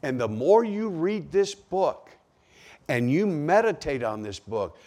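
Man preaching a sermon, asks the crowd questions, slow and sing-songy. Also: on the high side, big pitch swings, darkish tone. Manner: preaching with rhetorical questions to a congregation. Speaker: pastor.

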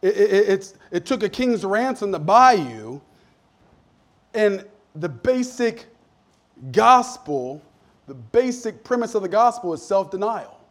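A man's voice: high voice, sing-song, a little slow. Man preaching with rising emphasis. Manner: conversational preaching, drops to soft asides and rises to emphatic points. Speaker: pastor. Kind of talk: sermon.

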